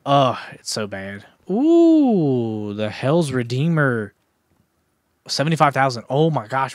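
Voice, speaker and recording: A young man giving casual, rambling commentary while playing a zombie shooter, breaking into sudden excited outbursts, talking into a headset at home. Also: medium pitch, slow, no echo. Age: young adult. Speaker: gaming YouTuber. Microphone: gaming headset.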